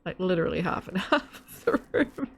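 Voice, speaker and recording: Woman streamer, low and gravelly, rambly and giggly; casual live-stream chat over gameplay. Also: expressive, normal speed, a little hiss or hum.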